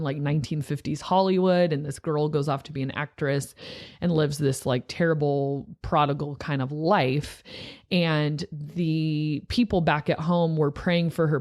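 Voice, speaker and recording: A woman's voice: sits low, a little mellow. A young woman who is a youth pastor, talking casually and earnestly on a podcast, with many filler words.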